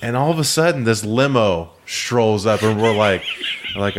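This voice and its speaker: A man with a somewhat low voice tells a story in relaxed podcast chat. He is animated and swears casually, often laughing mid-sentence. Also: normal speed, noisy background. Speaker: podcast co-host.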